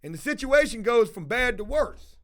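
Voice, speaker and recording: A man's voice: extremely high pitch, very animated, moderate pace, fairly bright tone. A man telling a story straight to camera as a vlogger, blunt and exasperated, with plenty of swearing. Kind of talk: casual storytelling rant to camera.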